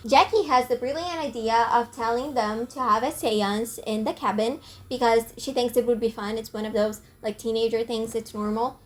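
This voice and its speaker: A young woman narrating a casual video essay, chatty with lots of "like" and self-conscious asides. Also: a little high. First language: not French. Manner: chatty, frequent "like", apologetic about pronunciation.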